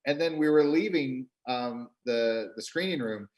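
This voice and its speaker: A man, a film director, talks over a video call in an interview. He tells his stories in an animated way, acts out what others said, and often restarts his sentences. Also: medium pitch, a little slow. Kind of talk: interview storytelling.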